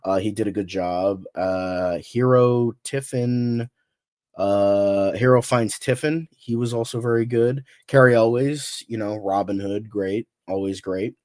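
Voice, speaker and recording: A man's voice: lowish voice, takes it slowly, darkish tone, no echo. A sick, nasal-sounding man reviewing a movie on a panel, blunt and profane as he rants. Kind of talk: casual chat.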